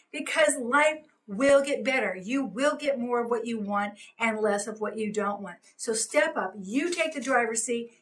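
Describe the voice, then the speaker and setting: Encouraging woman trainer, higher voice. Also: fairly bright tone, poor audio. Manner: coaching, gestures while explaining, many fillers. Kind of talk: recorded training talk.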